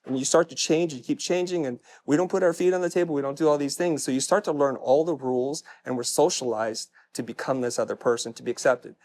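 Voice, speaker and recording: A man's voice: mid-range voice, quick pace, few pauses, darkish tone. A middle-aged man speaking candidly to a live audience, telling stories in a self-deprecating way as a personal branding speaker. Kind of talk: stage talk to a live audience.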